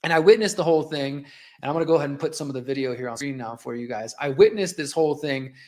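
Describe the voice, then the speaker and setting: A man's voice: mid-range voice, fast talker. A man in his forties hosting a live show, telling a personal story in an impassioned, conversational way while narrating video clips. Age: 40s. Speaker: host.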